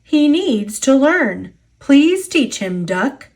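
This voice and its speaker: A woman's voice: sits high, big pitch swings, slow, a little mellow, pitched above the performer's own voice, full character voice. A woman with an American accent voicing a firm male railway boss giving instructions.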